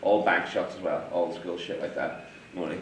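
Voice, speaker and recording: A man's voice: deep voice, steady tone, normal speed. A man hosting a podcast in casual banter, who swears freely and laughs a lot. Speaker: podcast host. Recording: echoey room, mic far off, faint noise.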